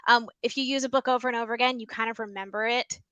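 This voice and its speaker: A woman librarian walks teachers through ways to use a picture book in class. Her voice is bright and a little high. She speaks in a loose, chatty way with frequent ums, recorded dry and close indoors. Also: steady tone, racing, clear, resonant tone, no room sound, poor audio. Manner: chatty, many ums, explains by example. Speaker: school librarian. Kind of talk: teaching tips with a read-aloud.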